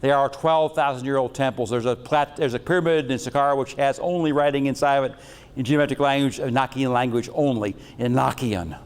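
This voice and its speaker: A male lecturer working through his slides on mystical subjects in a loose, wandering way. He throws in teasing jokes and blunt asides, and his voice sits at an ordinary middle pitch. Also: a little fast, clean tone, big-room sound. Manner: rambling, jokey and irreverent. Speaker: metaphysics lecturer.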